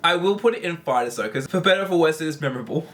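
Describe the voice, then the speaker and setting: A man giving casual commentary while ranking animated shorts, rambling with lots of fillers and casual swearing. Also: on the high side, very fast, noisy background. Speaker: video creator ranking animations.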